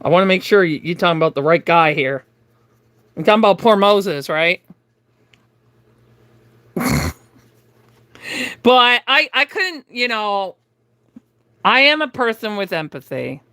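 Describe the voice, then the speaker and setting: A middle-aged woman chats on her livestream and spins a long personal story for her viewers. Her pitch leaps up and down as she acts out the other people in it and laughs along. The sound is close and dry, with almost no room echo. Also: big pitch swings, a little slow, pauses often, fairly bright tone. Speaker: livestream host. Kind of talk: casual storytelling to live chat.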